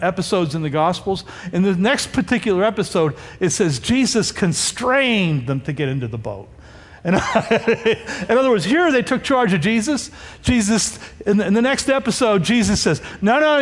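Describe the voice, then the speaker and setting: A man preaching a sermon as a pastor, in a lively conversational manner with frequent rhetorical asides to the congregation. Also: high voice. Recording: long hall reverb.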